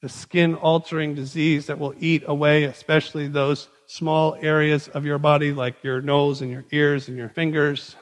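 Man, pastor, sermon, conversational, animated, slightly high voice, long reverb. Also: normal speed, hardly any pauses. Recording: long reverb in a large hall.

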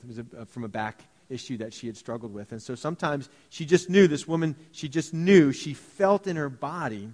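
A man preaching a sermon as pastor, in a lively, conversational way, acting out short voices as he tells the story. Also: a little high, in a large hall. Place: church sanctuary.

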